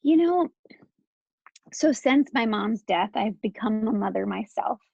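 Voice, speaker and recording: A woman's voice: a little high, animated, a little slow, vocal fry, warm tone, husky, no room sound, lo-fi sound. A woman from Texas in her thirties, speaking as an interview guest in a loose, candid flow full of "like" and restarts.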